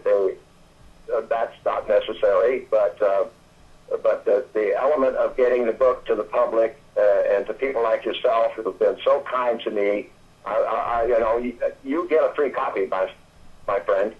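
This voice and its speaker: An older man from Atlanta, Georgia, calling in as a guest and telling stories in a halting, rambling way with many restarts. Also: lowish voice. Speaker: phone-in guest. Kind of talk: casual storytelling chat. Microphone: telephone. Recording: tinny phone line.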